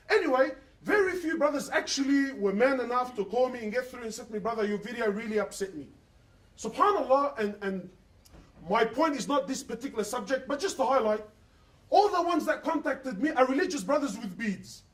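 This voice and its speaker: A man's voice: extremely high pitch, expressive, a little fast, roomy sound, recorded from a distance. A man, preaching an emotional sermon and asking his listeners rhetorical questions. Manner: impassioned, quotes others in dialogue, asks rhetorical questions. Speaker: Islamic preacher.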